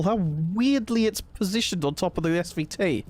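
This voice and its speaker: A man's voice: sits high, normal speed, a little mellow. A man streaming a shooter game, commentating and chatting with viewers, exclaiming at the action and laughing often.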